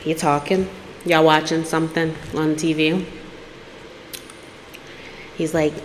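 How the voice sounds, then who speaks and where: A woman hosting a storytelling podcast who acts out the dialogue in her story and swings between loud bursts and hushed asides. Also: low-pitched, flat delivery, takes it slowly, pauses often, big-room sound, a little hiss or hum. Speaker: podcast host.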